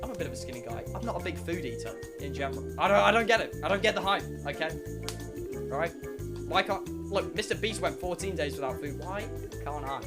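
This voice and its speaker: A man's voice: on the high side, animated, quick pace. A man streaming, telling a comic story to his chat, swearing and exaggerating. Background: music.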